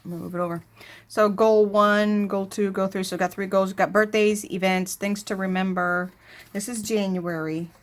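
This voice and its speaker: A woman's voice: mid-range voice, fairly even intonation, moderate pace. A woman vlogger chatting casually while flipping through a new planner, thinking aloud with lots of fillers and asides. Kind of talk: casual unboxing chat.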